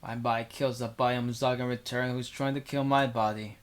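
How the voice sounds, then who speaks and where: A man's voice: mid-range voice, fairly even intonation, fast. A young man reading a visual novel aloud into a desk microphone, breaking off for rambling casual asides.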